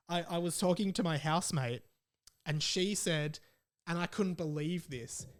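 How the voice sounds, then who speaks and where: Chatty, rambling podcast host man. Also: on the high side. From Australia. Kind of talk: casual solo podcast chat.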